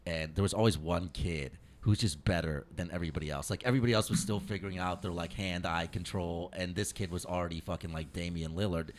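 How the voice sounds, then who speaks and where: A man hosting a casual comedy podcast live from a comedy club. He talks excitably and swears constantly. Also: deep voice, fast, hardly any pauses. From Indiana. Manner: profane, excitable, loud bursts of laughter. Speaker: podcast host.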